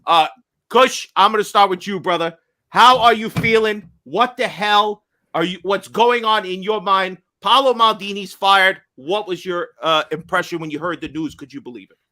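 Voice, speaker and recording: Hyped-up, swearing podcast host. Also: male voice, high voice, normal speed. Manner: loud, hyped and profane, ranting. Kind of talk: fired-up podcast talk.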